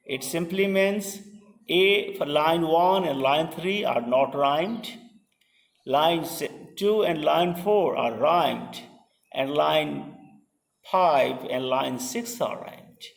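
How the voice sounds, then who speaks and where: A man giving a slow, deliberate poetry lecture, asking rhetorical questions and pausing with fillers. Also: a little high, gravelly. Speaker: literature lecturer. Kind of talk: classroom-style poetry lecture. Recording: distant mic in a reverberant room.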